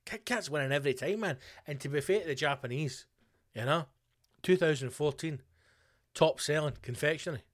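A Scottish man hosting a solo podcast, ranting casually with plenty of swearing. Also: fairly high pitch. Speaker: podcast host.

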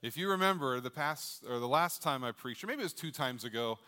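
A man's voice: medium pitch, animated, a little fast, bright, forceful tone. A middle-aged man preaching a sermon as pastor, chatty and jokey, asking the congregation questions. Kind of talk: sermon with jokes. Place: church sanctuary with long reverb. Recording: long hall reverb from a church.

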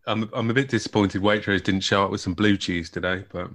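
A man with a West Country English accent, co-hosting a casual podcast chat with dry, deadpan humor. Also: on the low side, a little fast. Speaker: podcast co-host.

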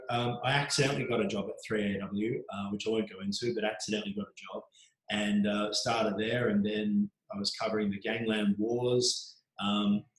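Australian male journo guest, thirties, lower voice, anecdotal and chatty, echoey room. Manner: chatty, frequent ums, animated anecdotes. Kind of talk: casual interview storytelling. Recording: roomy echo.

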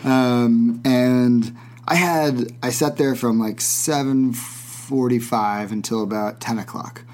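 A man's voice: mid-range voice, steady tone, takes it slowly, darkish tone. A man hosting a podcast, telling a long story in casual chat, rambling with many restarts and laughs. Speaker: podcast host.

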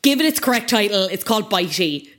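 A woman's voice: mid-range voice, animated, fast talker, fairly bright tone. A woman hosting a podcast, chatting casually and jokily, swearing freely as she recaps a TV show. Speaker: podcast host.

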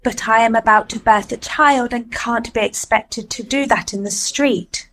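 A woman's voice: a little high, normal speed, a bit bright, a little hiss or hum, lightly acted. An actress playing a nervous, apologetic young woman at an audition.

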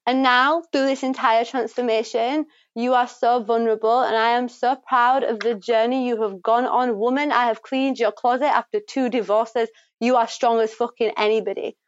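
A woman giving a psychic reading, talking passionately and quickly, swearing freely and affirming the listener. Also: a little high, fairly even intonation, smooth, dry recording. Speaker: psychic reader and guest. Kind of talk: intuitive reading, casual and emphatic. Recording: dry, slightly muffled recording.

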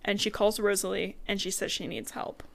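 A young woman co-hosting a podcast, recapping a book in casual chat, animated and swearing, acting out characters' lines in her own voice. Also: mid-range voice, a little fast, vocal fry. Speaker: podcast co-host.

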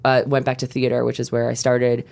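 A woman guest on a panel interview, telling stories wryly and quickly, often laughing. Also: a bass voice, monotone, creaky, darkish tone. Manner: wry, quick storytelling with frequent laughs. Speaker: TV writer guest.

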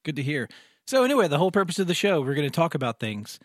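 A man at a middle pitch co-hosting a podcast, joking loosely and stopping his partner to check that he understands. The sound is close and dry. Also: sing-song, racing, no echo. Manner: joking, asks clarifying questions. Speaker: podcast co-host. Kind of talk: casual chat.

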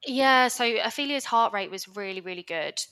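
A young British woman with a bright, ringing tone tells her story as a podcast guest. She rambles, restarts sentences and sounds candid and emotional in casual conversation. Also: on the high side, expressive, normal speed, clean tone.

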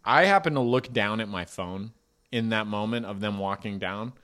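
A man's voice: on the low side, normal speed, a bit bright. Rambling self-mocking man telling a story. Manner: rambling, self-deprecating, laughs through his own story. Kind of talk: casual storytelling chat.

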